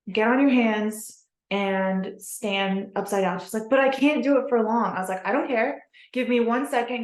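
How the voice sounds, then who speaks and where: A young adult woman telling a story to the camera in casual vlog style, acting out what people said. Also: mid-range voice. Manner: animated, acts out quoted dialogue. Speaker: vlogger. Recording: echoey room.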